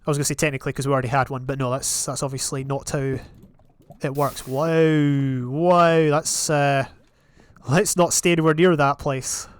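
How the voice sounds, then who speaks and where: A young man giving casual, rambling commentary on his own gameplay, with sudden excited outbursts. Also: fairly high pitch, normal speed, smooth, no room sound. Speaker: gaming channel host.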